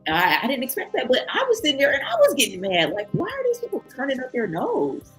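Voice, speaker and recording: A woman's voice: high voice, fast, faint music behind. A woman telling a travel story in a casual vlog, acting out other people's voices. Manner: animated, acts out other people's voices in quotes. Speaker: travel vlogger.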